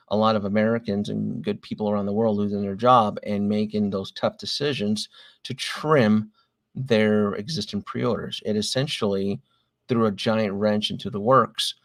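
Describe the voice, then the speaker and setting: A man's voice: on the low side, fairly even intonation, moderate pace. A man hosting a casual livestream about collectible figures, talking in a rambling, chatty way and often apologizing to his viewers.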